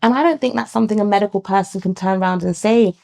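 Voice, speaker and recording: Gravelly-voiced British woman, animated. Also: medium pitch, fast talker. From England. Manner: animated, acts out other people's voices in quotes. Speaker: midwife and founder of a sonogram service. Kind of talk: conversational interview.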